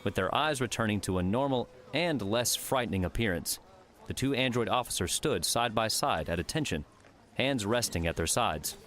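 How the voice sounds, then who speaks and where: Low-voiced male audiobook narrator. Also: expressive, moderate pace, a bit bright. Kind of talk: scripted narration.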